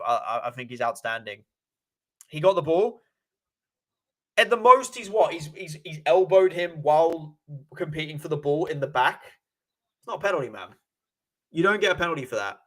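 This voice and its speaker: A young man streaming a live football watch-along, excitable, often stammering and repeating himself. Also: fairly high pitch. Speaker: football fan livestreamer.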